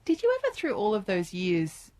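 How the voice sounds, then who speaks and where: A woman's voice: mid-range voice, wildly swooping pitch, moderate pace, darkish tone. A woman hosting a radio interview, asking long, winding questions.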